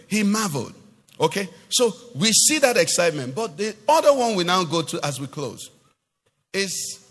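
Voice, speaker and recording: Animated high-voiced preacher in a reverberant church. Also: male voice. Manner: emphatic preaching, asks the congregation questions; sings some phrases, rises to shouts. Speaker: pastor. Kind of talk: sermon. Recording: long hall reverb.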